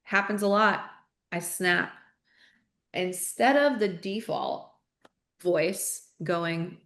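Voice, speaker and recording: A woman's voice: mid-range voice, animated, measured pace, reverberant. A woman speaking as a guest in a podcast interview, earnest and candid, often restarting her sentences as she thinks aloud. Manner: repeats words as she restarts thoughts. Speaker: podcast guest, author and coach. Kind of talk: interview conversation.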